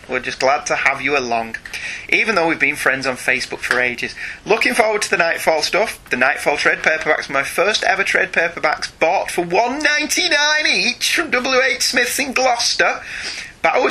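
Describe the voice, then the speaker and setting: A man's voice: on the high side, sharp tone, a little hiss or hum. A man co-hosting a casual podcast, chatting and reading listener emails aloud. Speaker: podcast co-host. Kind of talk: casual chat.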